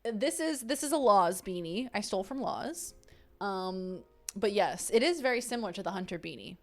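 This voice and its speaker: A woman's voice: medium pitch, animated, moderate pace, faint music behind. A young woman streamer chatting casually and playfully with her viewers while playing a game. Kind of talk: casual livestream gaming chat.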